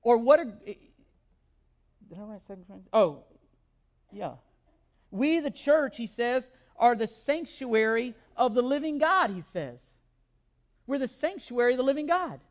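A man's voice: very high voice, expressive, a little slow, pauses often. A man preaching a sermon as pastor, emphatic, often repeating words and asking rhetorical questions.

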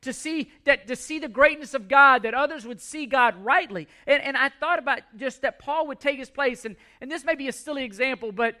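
A man's voice: extremely high pitch, a little fast, few pauses, pushed and bright. A middle-aged man preaching a sermon, earnest and pleading, often repeating words as he restarts. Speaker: pastor.

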